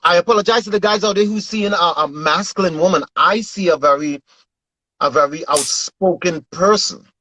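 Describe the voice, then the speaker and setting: A man in an earnest, animated casual chat, often repeating himself. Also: sits high, normal speed, no echo, poor audio.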